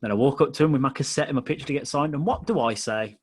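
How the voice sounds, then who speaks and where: Man, podcast host, casual chat, self-deprecating, laughs easily, mid pitch. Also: rapid-fire, slightly rough. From England.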